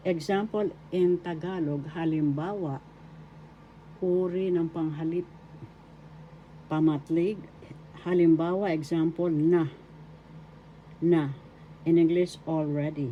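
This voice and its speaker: A woman's voice: low-pitched, fairly even intonation, takes it slowly, long pauses, dark tone, lo-fi sound, a little hiss or hum. A middle-aged woman from the Philippines, giving a spoken language lesson and repeating each word syllable by syllable. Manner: repeats words and spells them out syllable by syllable. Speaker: language teacher.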